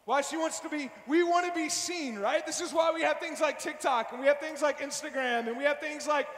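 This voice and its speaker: A man giving a fervent, loud youth sermon, slangy and direct with his listeners. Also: very high voice, brisk. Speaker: youth speaker. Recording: echoey hall with long reverb.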